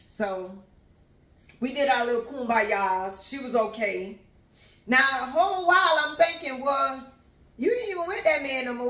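A woman's voice: high voice, roomy sound. A woman telling a long personal story in a casual, conversational way, talking straight to her listeners. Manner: animated, conversational, addresses listeners as y'all.

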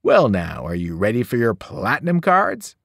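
A man putting on a smooth-talking casino bellhop who coaxes with a salesman's patter. The voice swoops up and down brightly, recorded dry and close. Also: medium pitch, wildly swooping pitch, normal speed, no room sound, exaggerated voice. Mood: coaxing.

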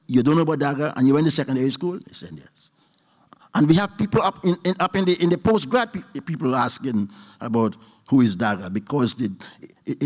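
Emphatic Trinidadian man, echoing hall. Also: on the high side. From Trinidad and Tobago. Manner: emphatic, deliberate, repeats key points slowly. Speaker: university professor giving a budget response. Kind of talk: public speech to an audience. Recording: speech hall with long reverb.

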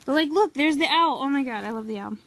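A young woman filming a casual haul video, gushing excitedly with lots of "like" and "oh my god". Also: sits high, quick pace. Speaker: vlogger showing a haul.

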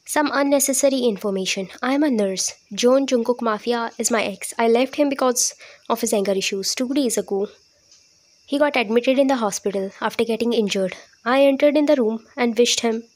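A woman reads a first-person fan-fiction story aloud in a plain, matter-of-fact way. Her voice sits fairly high. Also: brisk. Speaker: narrator. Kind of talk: scripted fan-fiction narration.

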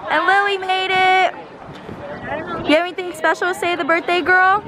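Bubbly high-voiced teen girl filming outdoors. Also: moderate pace, crowd noise. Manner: excited, bubbly. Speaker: friend filming the celebration. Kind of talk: excited casual chat.

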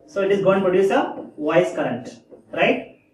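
Male lecturer, high-pitched, repetitive teaching manner, echoey room, distant mic. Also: animated, normal speed. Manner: repeats key phrases, checks understanding with "Clear?". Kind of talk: classroom lecture.

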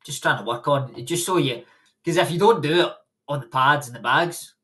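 A man's voice: fairly high pitch, normal speed, bright, forceful tone. A young Scottish man, a boxer, chatting loosely in an interview and rambling through stories with frequent laughs. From Scotland. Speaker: boxer, guest. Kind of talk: casual interview chat.

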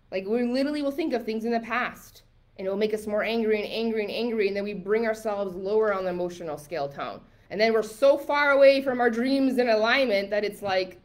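A woman giving a casual, animated motivational masterclass talk, full of "like" and "right?", sometimes acting out inner thoughts. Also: fairly high pitch. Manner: frequent fillers like "like" and "right?". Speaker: manifestation coach.

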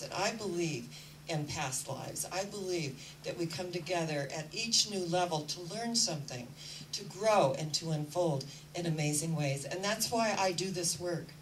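A woman's voice: on the low side, distant mic, slight background noise, poor audio. A woman spiritual teacher giving an earnest inspirational talk and telling stories. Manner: earnest, storytelling.

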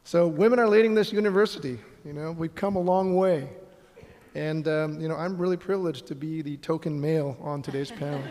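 A middle-aged man speaks on a conference stage with a slightly raised pitch, earnest and upbeat, now and then pausing on an "um". His voice rings out with a long reverb from the big hall around him. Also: a little mellow. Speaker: panel moderator. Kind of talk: conference panel moderating.

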